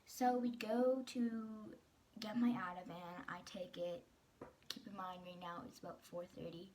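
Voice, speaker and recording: A woman's voice: medium pitch, fairly even intonation, unhurried, slight background noise. Teen girl telling her story, candid. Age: teens. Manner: rambling, candid, full of fillers and restarts. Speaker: vlogger. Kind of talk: personal storytelling vlog.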